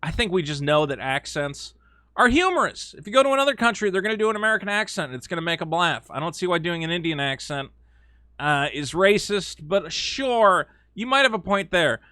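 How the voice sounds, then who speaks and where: This video host has a high-pitched, brisk voice, recorded with clean studio sound and no echo. His casual opinion commentary is animated and sarcastic, full of fillers and mocking impressions of others.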